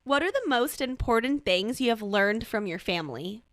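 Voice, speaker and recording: A woman's voice: on the high side, expressive, normal speed, fairly bright tone, dry recording, clean studio sound. A young adult woman co-hosting a podcast, chatting in a giggly, upbeat way. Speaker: podcast co-host. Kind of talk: casual chat. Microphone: podcast mic.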